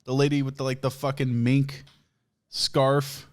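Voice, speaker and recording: A man's voice: mid-range voice, little pitch movement, unhurried. A man hosting a podcast, telling a rambling, profane story in a casual way and laughing often. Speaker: podcast host.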